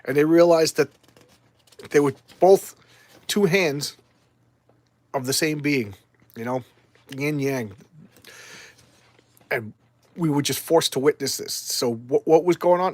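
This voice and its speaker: A man's voice: medium pitch, dry recording. A man casually reviewing comic books, retelling the story in an enthusiastic, rambling way. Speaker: comics collector vlogger.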